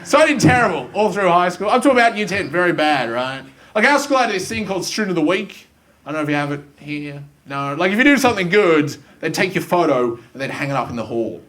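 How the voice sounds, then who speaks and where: A young Australian man doing a self-mocking stand-up comedy set, animated and full of silly voices, in front of a live school audience. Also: high voice, fast. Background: faint audience ambience and laughter.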